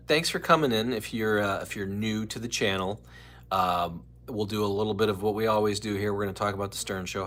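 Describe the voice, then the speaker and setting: A man's voice: lowish voice, fairly bright tone. A man hosting a casual live stream from home, rambling and chatty as he greets viewers by name.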